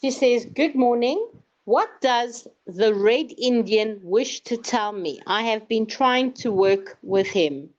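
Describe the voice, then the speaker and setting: A woman's voice: a little high, takes it slowly. A woman reading viewers' questions aloud on a live stream, hesitant and stumbling over names. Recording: dull lo-fi stream audio.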